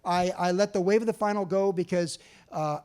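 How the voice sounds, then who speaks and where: A man in his sixties from California, telling lively stories at a museum talk and acting out other people's lines. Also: sits high, moderate pace, smooth. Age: 60s. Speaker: author giving a talk. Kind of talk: storytelling presentation. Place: museum talk before an audience.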